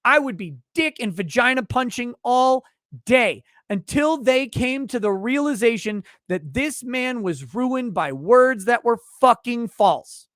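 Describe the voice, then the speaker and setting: A man's voice: extremely high pitch, animated, a little slow, fairly bright tone, dry recording, clean studio sound. A man hosting a legal commentary livestream who rants in a heated, profane way. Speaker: legal commentary show host.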